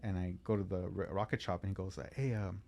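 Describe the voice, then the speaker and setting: A man's voice: low voice, fairly even intonation, fast talker, vocal fry, darkish tone. A man, a comedian, telling a rambling, profane story in casual podcast chat and acting out what people said.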